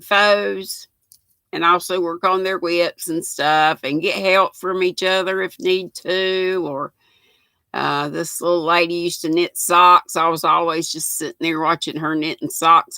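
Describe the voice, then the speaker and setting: Older North Carolina woman, Southern accent, livestream host; bright and gravelly, folksy. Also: fairly low pitch, steady tone, measured pace, no room sound. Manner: chatty, folksy, greets viewers by name. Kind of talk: casual livestream chat reading comments.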